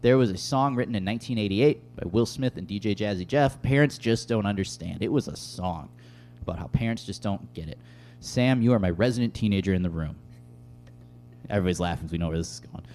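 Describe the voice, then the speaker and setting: Male pastor, easygoing sermon delivery, low and dark tone. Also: fast talker, faint music behind. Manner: conversational, casual, with many fillers. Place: room with tables and an audience.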